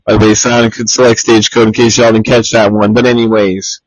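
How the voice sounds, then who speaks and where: A man's voice: on the low side, brisk, no echo, rough recording. Profane teasing guy. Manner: profane, teasing, animated impressions. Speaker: podcast co-host. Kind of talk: casual chat.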